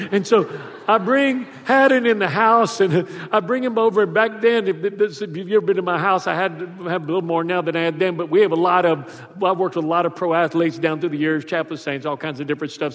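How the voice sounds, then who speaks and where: A middle-aged man, a pastor, telling a story in a sermon with animated delivery. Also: fairly high pitch. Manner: animated, acts out voices in his stories. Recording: long hall reverb.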